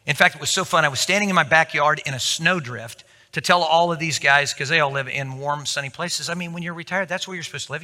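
Speaking in a large hall, this male pastor has a fairly high, pushed, bright voice. His sermon is built on stories, and he performs the quoted voices of their characters.

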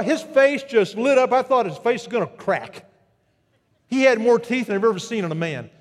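A man preaching a sermon, animated and storytelling, who jumps his pitch up high to act out quoted greetings. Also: long reverb tail. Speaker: pastor.

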